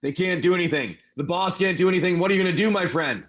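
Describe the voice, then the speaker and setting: A man's voice: high-pitched, fast talker, a bit bright. A man running a tabletop game on a live stream, narrating each move play by play. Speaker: game master.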